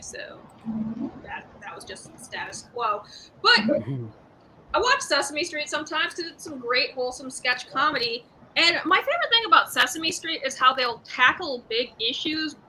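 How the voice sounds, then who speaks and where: Bright, high-voiced sarcastic woman comic. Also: slight background noise, low-quality recording. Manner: sarcastic, rambling, conversational. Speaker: stand-up comedian. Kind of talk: live-streamed stand-up set.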